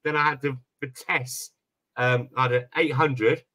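A man's voice: medium pitch, steady tone, a little slow, sharp tone. A British man hosting a live stream chat, telling stories animatedly and swearing freely. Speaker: streamer host.

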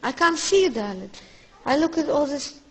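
A woman's voice: high voice, animated, normal speed, low-quality recording. A woman filming a family outing on a handheld camera, talking in simple non-native English and coaxing her child along, outdoors by an old church and then inside it. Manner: coaxing and affectionate, keeps calling her child darling. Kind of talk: casual handheld vlog narration.

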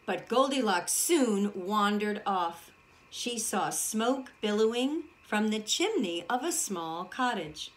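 A woman preschool teacher reading a storybook aloud to young children, animated and asking the children questions as she goes. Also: mid-range voice, slow. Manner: animated, addresses the children directly.

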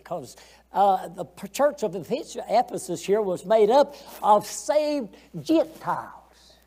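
A man's voice: high voice, a little mellow. A man teaching a Sunday school lesson, folksy and colloquial, asking the class questions as he goes.

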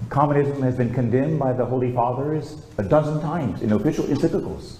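A priest giving a homily, telling a story with lively, conversational preaching and calling out for amens, in a church. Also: male voice, mid-range voice, normal speed, slight background noise. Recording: echoey church.

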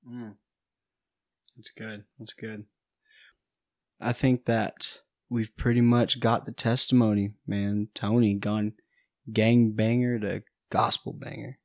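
Flat-voiced podcast host, a man. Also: lowish voice, slow, no room sound, clean studio sound. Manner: brief, affirming responses. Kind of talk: casual interview.

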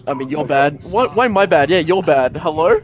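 A man's voice: fairly high pitch, normal speed. A young man with an Australian accent, chatting and joking with a friend while gaming. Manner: joking, excitable, laughs often. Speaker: gamer. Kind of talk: casual chat while gaming.

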